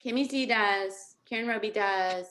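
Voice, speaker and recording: A middle-aged woman leading a live coaching session over a video call, energetic and checking in with her listeners again and again. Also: mid-range voice, normal speed. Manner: energetic, checks in often with "okay?" and "right?". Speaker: life coach.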